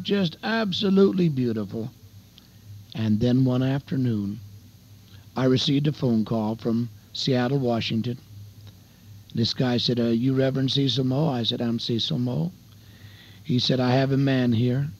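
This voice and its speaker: An older evangelist man tells a heartfelt story on a radio sermon, in a folksy, down-to-earth manner. His voice sits at a middle pitch and comes through a dull, muffled lo-fi broadcast recording. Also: warm tone. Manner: folksy testimony, addresses listeners as beloved and dear friends.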